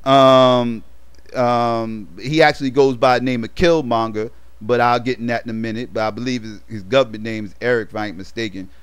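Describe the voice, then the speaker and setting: A man recaps a movie in a loose, rambling way, full of fillers and slang. His voice is smooth and clean at a middling pitch. The sound is dry, with no room around it. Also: fairly even intonation, brisk, dry recording. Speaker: movie reviewer. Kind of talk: casual movie plot recap.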